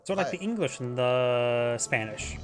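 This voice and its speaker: A man's voice: mid-range voice, lively intonation, normal speed. A man casually commentating a strategy game replay, rambling and stumbling over unit names. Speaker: game caster.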